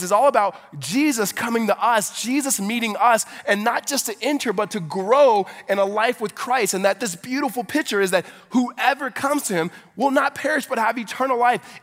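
Chatty pastor in an echoing hall. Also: male voice, high-pitched, fairly bright tone. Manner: conversational storyteller, filler-heavy, with rising preaching fervor. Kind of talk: sermon with personal storytelling. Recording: long reverb of a large hall.

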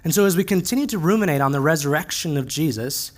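A man's voice: fairly high pitch, animated. Man preaching a conversational sermon. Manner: conversational, earnest, with slowed emphasis on key phrases. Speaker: pastor.

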